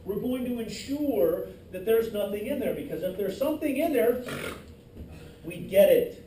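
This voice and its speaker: A man voicing immune cells on patrol as part of a classroom lesson, talking quickly and eagerly. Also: sits high, animated, dark tone, a little hiss or hum. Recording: echoey classroom, distant mic.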